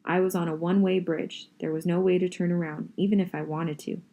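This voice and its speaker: A woman reading a novel aloud in a steady, first-person audiobook style. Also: lowish voice, a little fast. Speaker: reader.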